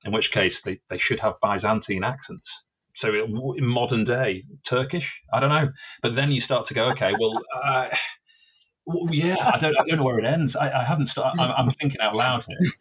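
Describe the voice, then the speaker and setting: A man's voice: mid-range voice, brisk, slightly rough. A man guesting as an author in a casual interview, thinking aloud and stumbling over repeated words. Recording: tinny phone-like line.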